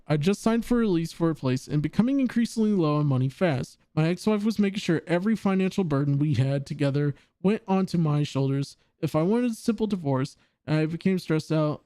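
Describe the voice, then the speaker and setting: A man's voice: fairly high pitch, dark tone, no echo, clean studio sound. A male livestream host reads a post aloud and comments on it, often restarting his phrases. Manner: halting, with frequent restarts.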